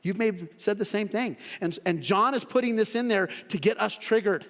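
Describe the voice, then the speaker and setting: A man preaching a sermon as pastor in a church, conversational, acting out quotes in sudden high voices. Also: moderate pace, a bit bright. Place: church sanctuary. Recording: long reverb of a church hall.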